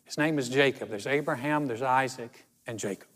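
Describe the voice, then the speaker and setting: A man preaching a sermon, telling stories in a conversational way and slowing down for emphasis. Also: mid-range voice, fairly bright tone. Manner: storytelling, conversational with dramatic slow emphasis. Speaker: pastor. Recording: long hall reverb.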